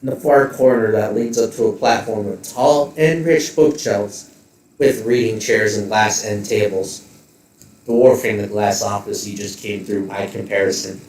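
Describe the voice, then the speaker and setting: A man's voice: on the low side, measured pace, darkish tone, roomy sound, far from the mic, rough recording. A man narrating as game master of a tabletop role-playing game, describing scenes in detail and adding joking asides.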